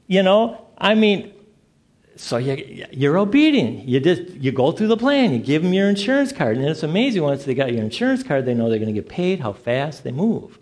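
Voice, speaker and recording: Middle-aged guy preaching, bit high voice, acts out the dialogue in his stories. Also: moderate pace. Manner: animated storytelling, acts out dialogue. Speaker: pastor. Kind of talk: sermon.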